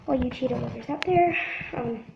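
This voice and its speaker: Woman, high voice, chatty phone vlog, playful, muffled, loud background noise. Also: moderate pace, vocal fry. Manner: chatty, playful, swinging pitch. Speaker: vlogger. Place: home under remodeling, then outdoors in rain. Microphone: phone held in hand. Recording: muffled noisy phone recording.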